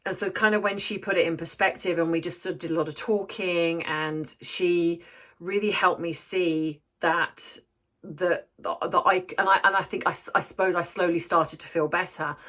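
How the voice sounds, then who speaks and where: A woman, a therapist and life coach, telling a personal story to camera in a reflective, candid way and often pausing to find her words. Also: lowish voice, steady tone, fairly bright tone. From United Kingdom.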